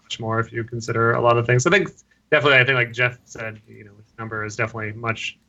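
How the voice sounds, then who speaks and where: A man's voice: medium pitch, fairly even intonation, rapid-fire, pushed and bright, highs cut off. A man hosting a podcast, talking bluntly and casually and swearing now and then. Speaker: podcast host.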